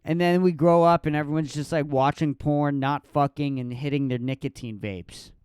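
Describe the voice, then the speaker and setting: A man in his twenties doing a solo comedic podcast rant, profane and mocking, sometimes jumping into a shrill voice to mimic others. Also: normal speed, clean tone. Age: 20s. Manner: profane, animated, mocking falsetto impressions.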